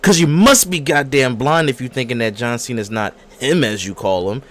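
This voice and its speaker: A young man hosts a casual wrestling podcast, bantering with his co-hosts and recapping matches in exaggerated voices. His mid-range voice is a bit bright, and he speaks at normal speed.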